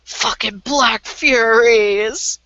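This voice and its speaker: A woman's voice: on the high side, very slow, pushed and bright, dry recording, pitched above the performer's own voice, exaggerated voice. A woman doing a crude, dim-witted werewolf lout. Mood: whiny. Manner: whining, crude. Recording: dull lo-fi voice chat.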